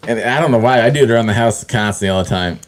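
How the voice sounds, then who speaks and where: A man's voice: lowish voice, very fast. A man co-hosting a sports podcast, talking in a loose, profane, joking way. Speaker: podcast co-host. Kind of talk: casual sports chat.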